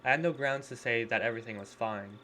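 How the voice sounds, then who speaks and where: A man reading a visual novel aloud in a plain, measured way, voicing a cautious teenage boy and his narration. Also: medium pitch, bright, forceful tone, a little hiss or hum, lightly acted. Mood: wary.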